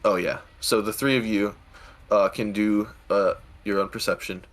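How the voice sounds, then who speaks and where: A man's voice: fairly low pitch, steady tone, moderate pace. A man narrating as game master of a tabletop game, hesitant with restarts. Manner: hesitant, many fillers and restarts.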